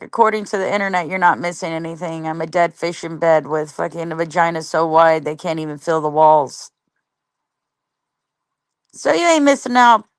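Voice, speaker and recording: A woman chats on her livestream, reads out comments from viewers and goes off on blunt, swear-heavy rants. Her voice sounds smooth and clear. It is close and dry, with no room sound. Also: on the low side, a bit bright, no room sound. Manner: blunt, profane, rambling; greets viewers and reads the chat. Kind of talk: casual livestream chat.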